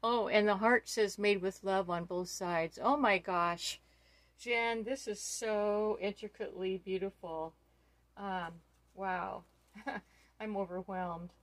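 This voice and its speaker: Middle-aged woman, unhurried unboxing vlogger, breathless gushing delight. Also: medium pitch, fairly even intonation, no room sound. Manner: gushing, awestruck, full of fillers. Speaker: doll collector vlogger. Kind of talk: casual unboxing chat.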